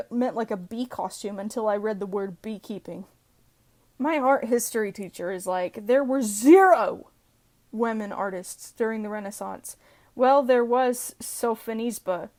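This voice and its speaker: A woman's voice: a little high, a little mellow. Giggly young woman reading posts aloud. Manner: giggly, swears freely, playful asides. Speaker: reddit post reader. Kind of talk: casual reading of posts with commentary.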